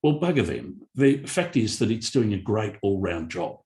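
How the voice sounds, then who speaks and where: Blunt, animated Australian man. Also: lowish voice, normal speed. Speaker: panel guest. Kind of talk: live panel discussion. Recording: echoey event room.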